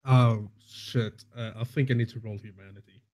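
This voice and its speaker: A man's voice: mid-range voice, fairly even intonation, moderate pace, a little mellow. A man playing a tabletop role-playing game, talking bluntly and swearing casually. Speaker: player. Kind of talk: casual chat at a gaming table.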